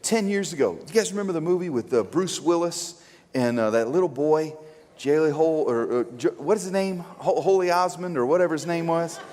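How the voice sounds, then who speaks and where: A man preaching a sermon as pastor, an animated, joking storyteller who acts out quotes. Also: fairly high pitch, fairly quick. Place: church sanctuary. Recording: long church hall reverb.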